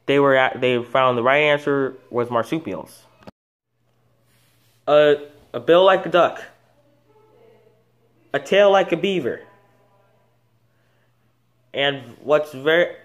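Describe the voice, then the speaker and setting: A man who hosts an animal video channel talks off the cuff in a slightly high voice, taking it slowly and pausing often. The recording is muffled, and his casual, unscripted animal talk rambles with many false starts and self-corrections.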